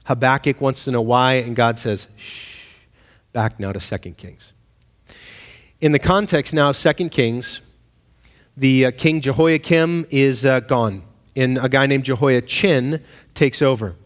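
A man's voice: medium pitch, measured pace, in a large hall. A man preaching a sermon in a conversational way, asking the congregation questions and acting out the voices he quotes. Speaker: pastor.

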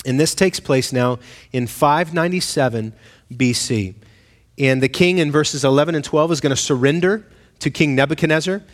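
At a moderate pace, a man with a fairly high voice delivers a sermon in a large hall. The pastor keeps it conversational, questioning the congregation and performing the voices he quotes.

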